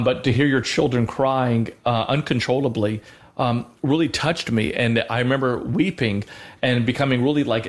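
Middle-aged male co-host, mid-pitched, sincere and unpolished, halting with fillers, conversational teaching tone. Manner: earnest, halting, many fillers and restarts. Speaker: co-host of a Christian radio show.

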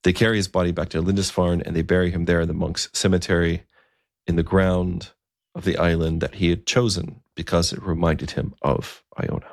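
A man tells a historical story in a relaxed, conversational manner, with easy asides. His voice is very low, with a gravelly fry. The recording is close and dry. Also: brisk, no echo.

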